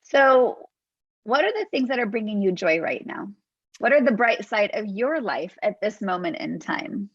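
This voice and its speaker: A woman's voice: mid-range voice, sing-song, normal speed, husky, dry recording, lo-fi sound. A woman in her forties hosting a podcast, talking about parenting in an open, reflective and earnest way from her home office. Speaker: podcast host. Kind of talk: conversational interview.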